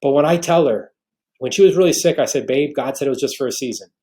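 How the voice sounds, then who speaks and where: A New York man in his forties, a guest on a podcast, gives an earnest, emotional faith testimony full of restarts. He talks fast in a warm, mid-range voice.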